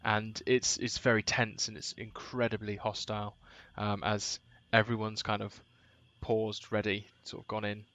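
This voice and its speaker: A man narrating as game master, hesitant and full of pauses and restarts. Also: fairly low pitch, completely flat delivery, a bit bright. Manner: hesitant, many ums and restarts.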